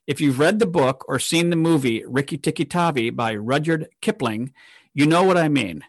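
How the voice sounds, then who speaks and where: A man reading a scripted narration in an even tone. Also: a little high, no echo.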